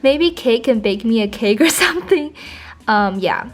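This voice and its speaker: A woman's voice: a little high, expressive, unhurried. A teenage girl giving a casual vlog tour of her school notebooks, playful and giggly, hamming up what she reads aloud. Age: teens. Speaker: vlogger.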